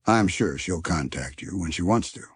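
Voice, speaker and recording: A man's voice: sits low, expressive, moderate pace, breathy edge, dry recording, studio quality, exaggerated voice. A man voicing Tane, a blunt, laid-back male bird who drawls with an Antipodean accent, in a storybook reading. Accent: Australian or New Zealand.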